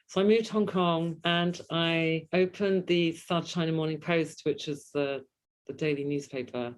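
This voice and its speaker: A middle-aged woman from London with an English accent, a podcast guest chatting in a lively, self-deprecating way. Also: low-pitched, normal speed. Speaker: guest, agency founder. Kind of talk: casual interview chat.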